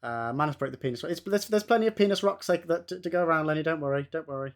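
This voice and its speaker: A man's voice: fairly high pitch, fast talker. A young man streaming a game live, swearing freely and bantering with his chat between fights. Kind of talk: casual live commentary while playing and reading chat.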